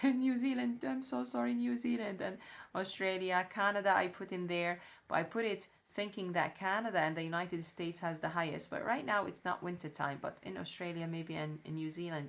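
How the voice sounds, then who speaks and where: A woman's voice: on the low side, fairly bright tone. Woman thinking aloud in a screen tutorial. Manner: thinking aloud, frequent fillers and restarts. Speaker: online marketing instructor. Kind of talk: screen-share tutorial walkthrough.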